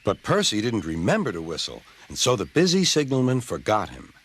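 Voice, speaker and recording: A man narrating a children's train story in a lively storybook manner. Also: fairly quick, slightly rough. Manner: lively, very animated pitch. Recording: music underneath.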